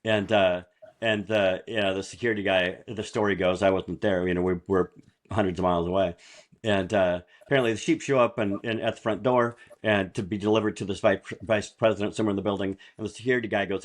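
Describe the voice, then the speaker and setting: A man's voice: on the low side, steady tone, fast talker. A man in casual podcast chat, telling rambling business anecdotes and chuckling as he goes. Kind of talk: casual storytelling.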